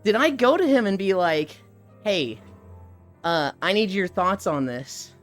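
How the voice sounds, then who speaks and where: A man's voice: sits high, very animated, unhurried, soft background music. A man in his thirties, a streamer telling a story in casual talk, swearing freely and acting out the people he quotes.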